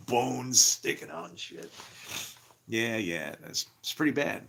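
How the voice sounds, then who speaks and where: A middle-aged man casually telling a personal story, acting out other people's voices loudly and in a raised pitch. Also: moderate pace, vocal fry.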